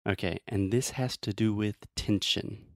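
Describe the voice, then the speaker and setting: A man with a fairly low voice teaches English pronunciation in a relaxed, joking way. He slows down to give example after example. The sound is dry and close. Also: dry recording. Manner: playful, explains slowly with examples. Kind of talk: casual pronunciation lesson.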